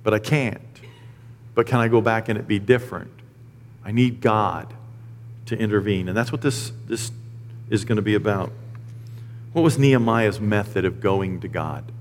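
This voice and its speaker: A man's voice: lowish voice, normal speed, pauses often, in a large hall, slight background noise. A middle-aged man preaching a sermon in a church, earnest and emotional, talking conversationally with acted asides. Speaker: pastor. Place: church sanctuary.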